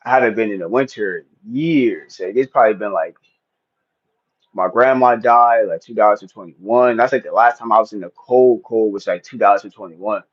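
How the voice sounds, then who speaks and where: A man's voice: on the low side, moderate pace, slightly rough. A man with a North Jersey accent, hosting a casual livestream chat in a laid-back, slangy way and laughing often. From New Jersey. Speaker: livestream host. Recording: dull lo-fi stream audio.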